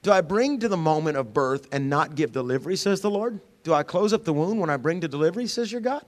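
A middle-aged man preaching a sermon in a church, animated and humorous, jumping from shouts to hushed whispers and acting out voices. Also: on the high side, fast, long reverb tail. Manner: acts out quoted voices with humor. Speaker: pastor. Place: church sanctuary.

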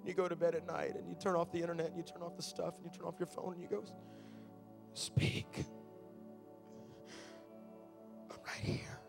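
A man preaching in a high, urgent voice, moving from intimate confession to loud, fervent declaration. Worship band music plays steadily under him. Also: monotone, rapid-fire, gravelly. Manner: impassioned preaching that builds to loud fervor. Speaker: pastor. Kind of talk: sermon.

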